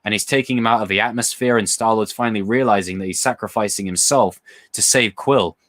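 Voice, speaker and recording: A young man hosting a casual live stream, answering chat questions in a rambling, excitable way and swearing freely. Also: fairly low pitch, a little fast. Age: young adult. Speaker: livestream host reading chat questions.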